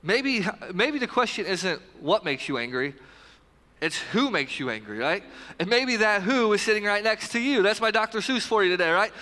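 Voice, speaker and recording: A man in his thirties preaches with a high, bright voice, loose and conversational, tossing quick asides to the people in the pews. His voice rings out with a long reverb through the church hall. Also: big pitch swings. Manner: conversational, talks straight to the congregation with quick asides. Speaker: pastor. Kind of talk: casual, joking sermon. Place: church sanctuary, live service.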